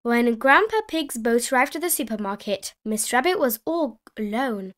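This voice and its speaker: Expressive woman reading a children's story. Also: a little high, normal speed, hardly any pauses. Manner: expressive, sing-song. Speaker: storybook reader. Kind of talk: read-aloud storybook narration. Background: background music.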